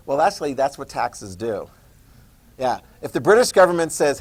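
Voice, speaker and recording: A man lectures a history class, quick and joking, quizzing the students as he goes. His voice sits on the high side for a man. He slips into little acted-out quotes now and then. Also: animated, rough recording. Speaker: history teacher.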